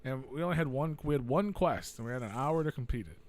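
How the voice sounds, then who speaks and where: A man's voice: medium pitch, fast. Rambling, cursing man telling a story. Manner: rambling storytelling, swearing, acts out quoted voices loudly. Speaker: radio show host. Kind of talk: casual chat.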